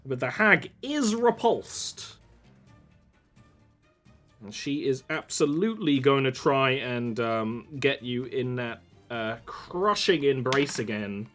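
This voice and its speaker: A man narrating a tabletop role-playing session as game master, casual and quick with laughter. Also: mid-range voice, expressive, fairly bright tone, soft background music.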